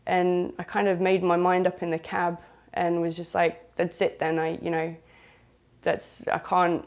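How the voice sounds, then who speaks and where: A woman's voice: on the low side, completely flat delivery, a little slow. A woman with a southern English accent telling a candid first-person story in a loose, frank, chatty way with British slang. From southern England.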